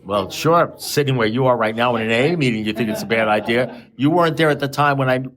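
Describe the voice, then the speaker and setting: A man's voice: medium pitch, quick pace, a bit bright. Wry rambling man at a recovery meeting. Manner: rambling, wry, self-mocking humor. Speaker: AA speaker sharing his story. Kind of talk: storytelling share at a recovery meeting.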